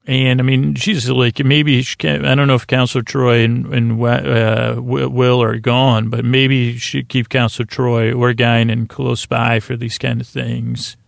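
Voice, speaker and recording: A man hosting a sleep podcast, recapping a TV episode in a soft, meandering way with many fillers and restarts. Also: mid-range voice, little pitch movement, a little slow, gravelly, hardly any pauses, no room sound.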